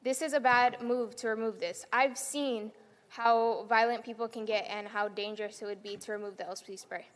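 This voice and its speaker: A woman's voice: a little high, fairly even intonation, normal speed, big-room sound. A teenage girl earnestly reading a public comment at a county meeting. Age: teens.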